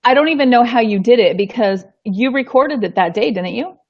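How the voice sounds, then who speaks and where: A woman's voice: fairly high pitch, expressive, brisk, dull audio. A woman co-hosting a casual live-stream chat, talkative and teasing, with lots of fillers. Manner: chatty and teasing, with frequent laughs and fillers. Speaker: co-host.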